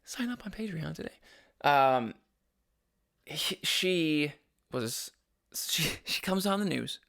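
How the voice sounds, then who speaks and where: A man's voice: a little high, lively intonation, slow, vocal fry, fairly bright tone. A young adult man hosting a casual solo podcast, rambling and opinionated with frequent restarts. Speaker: podcast host.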